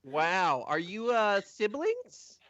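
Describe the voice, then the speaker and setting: A man's voice: high voice, slow pace, highs cut off, a little hiss or hum, voice pushed up, heavily acted. A man doing a gushing starstruck clerk woman. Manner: gushing, excitable. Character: chatty starstruck female desk clerk.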